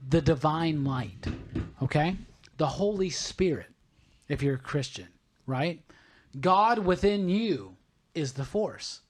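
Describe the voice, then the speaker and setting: A man co-hosting a casual podcast, talking in an animated, preachy way when he explains an idea. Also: fairly high pitch. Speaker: podcast co-host.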